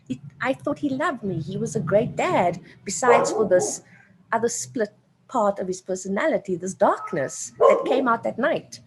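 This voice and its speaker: A woman's voice: a little high, lively intonation, normal speed, noisy background. A woman in her late thirties or older with a South African accent, a guest in an interview telling a personal story earnestly and emotionally, repeating phrases for emphasis. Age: late 30s or older.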